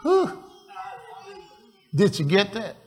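Soft music plays in the background as a pastor preaches, his voice a little high and a bit bright. He puts call-and-response questions to the congregation and speaks slowly and haltingly. He often repeats phrases and restarts them.

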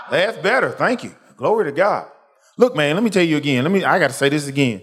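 A man's voice: on the high side, quick pace, husky. A man preaching a sermon in call-and-response style, pushing the congregation to answer him. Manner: animated, calls for congregation responses.

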